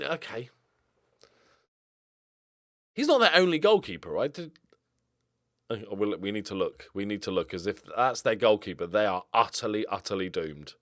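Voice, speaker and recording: A young man giving casual gameplay commentary, excitable, swinging from mumbled asides to loud outbursts. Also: on the low side, moderate pace, long pauses, no room sound, clean studio sound. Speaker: gaming YouTuber.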